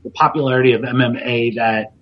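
A man's voice: medium pitch, steady tone, quick pace, lo-fi sound, a little hiss or hum. A man, a veteran pro wrestler hosting a podcast, talking casually in a rambling, self-deprecating way with restarts. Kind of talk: casual chat.

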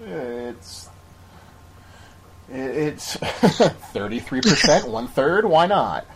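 With a fairly high, slightly rough voice, lively intonation, and drawn-out words, a man co-hosts a podcast. He talks basketball casually and opinionatedly, rambling and restarting often.

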